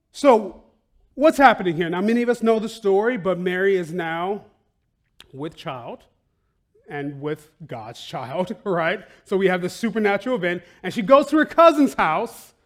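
High-voiced animated man preaching. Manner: animated, bursts into loud excited outcries, laughs often; conversational with frequent "right?" and "like". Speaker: pastor. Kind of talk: sermon.

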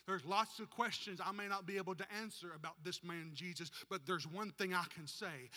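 A man preaching to his church in a high, ringing voice that cuts sharply through the room. He talks in an animated way and climbs to shouts to rouse the congregation. The sound carries a long hall reverb. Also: a little fast, few pauses. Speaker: pastor. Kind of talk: sermon. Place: church sanctuary.

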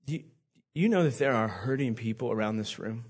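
A man's voice: mid-range voice, brisk, breathy edge. A man preaching a sermon as pastor, speaking earnestly and directly to his congregation, often repeating words.

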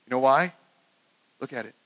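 A male pastor preaching a sermon in an animated way, acting out quoted voices with many restarts. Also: medium pitch, moderate pace, poor audio.

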